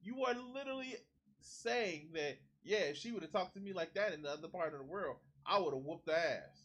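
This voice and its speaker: A man's voice: a little high, expressive, normal speed, a bit bright. A man streaming a heated reaction to a clip, indignant and profane, mocking the people he is watching.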